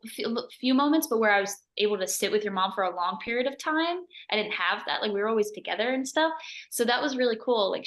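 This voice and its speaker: Animated woman telling a story. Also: a little high. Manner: animated, acts out quoted voices, laughs often. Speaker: mission trip member. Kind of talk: casual storytelling in an interview.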